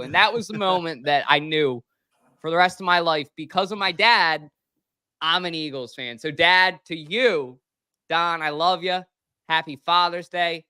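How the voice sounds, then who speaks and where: A man's voice: on the high side, moderate pace, pushed and bright, clean tone, dry recording, clean studio sound. A man talking in a casual sports podcast chat, earnest and blunt, swearing freely. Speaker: podcast guest.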